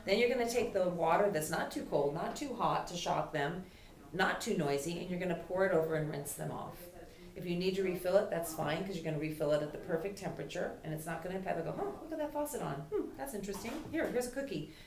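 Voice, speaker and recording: In a fairly low, slightly mellow voice, a woman dog trainer speaks fast while teaching a chatty puppy class and voicing the dog's thoughts. She's recorded from a distance in an echoey room with faint noise.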